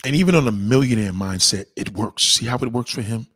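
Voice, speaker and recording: A man delivering a profane, ranting monologue, emphatic and heated, swinging from loud outbursts to low muttering. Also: fairly quick, dry recording.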